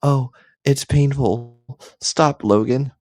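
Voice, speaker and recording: A man voicing a frightened young woman who pleads and cries out in a shrill falsetto. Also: steady tone, slow, darkish tone, no echo. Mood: pleading.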